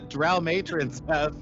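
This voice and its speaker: Casting: very slow-talking man as a teasing player, dull lo-fi sound, faint music. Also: fairly high pitch, fairly bright tone. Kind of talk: tabletop role-play.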